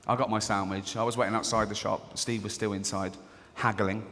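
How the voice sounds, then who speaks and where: A man's voice: lowish voice, flat delivery, fairly quick, heavy background noise. A man in his forties with an English accent doing a live stand-up routine, mocking and acting out characters in silly voices, giggling at his own jokes. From England. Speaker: stand-up comedian. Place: large theatre stage. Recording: live theatre recording with long reverb and audience. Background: audience laughter.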